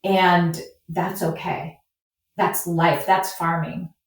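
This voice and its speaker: A woman's voice: on the low side, level tone, takes it slowly. A woman, a flower farmer and business coach, guest on a podcast, talking in an upbeat and encouraging way. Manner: upbeat, encouraging, acts out quoted voices. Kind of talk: podcast interview conversation. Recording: echoey, distant remote audio.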